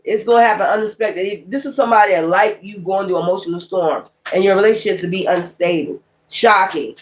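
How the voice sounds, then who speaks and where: A woman's voice: mid-range voice, moderate pace, hardly any pauses, a little hiss or hum. A woman giving a casual tarot card reading in a blunt, exasperated, profane manner, with slangy, rambling street talk. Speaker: tarot reader.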